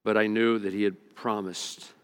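A man's voice: on the low side, flat delivery, moderate pace, clean tone. Earnest male pastor preaching a sermon. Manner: earnest storytelling with repeated stammered restarts.

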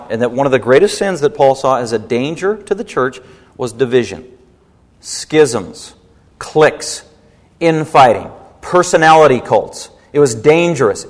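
A man preaching a sermon as pastor, emphatic and rising in pitch when stirred. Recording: long hall reverb.

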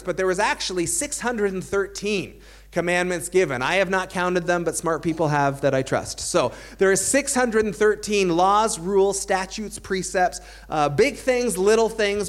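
A man preaching a sermon as a pastor, earnest, building to emphatic points, with dry self-aware humor. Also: sits high.

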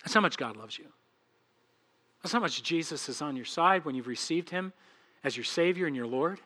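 Animated bright-voiced male preacher. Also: a little high, normal speed. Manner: animated, acts out little dialogues; swings between loud and hushed. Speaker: pastor. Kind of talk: sermon.

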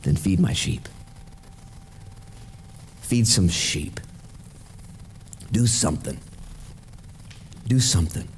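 A male preacher voicing Jesus as a patient, gentle man, dropping into a low, quiet, insistent tone. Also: expressive, slow, long pauses, a little hiss or hum. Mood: earnest.

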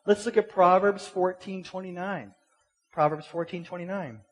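A man's voice: sits high, lively intonation, moderate pace, pauses often, breathy edge. A middle-aged man, preaching a sermon in a casual, conversational way, full of rhetorical questions and repeated words. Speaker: pastor. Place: church sanctuary. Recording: long hall reverb.

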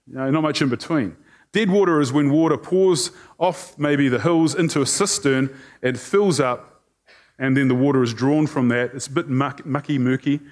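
A male preacher giving a conversational sermon, animated and joking with the congregation. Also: mid-range voice, normal speed.

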